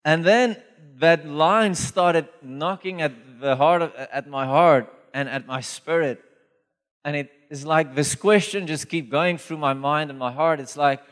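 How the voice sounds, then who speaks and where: Animated preacher in a reverberant hall. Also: male voice, on the high side. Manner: conversational, animated storytelling with acted quotes. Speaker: pastor. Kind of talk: sermon.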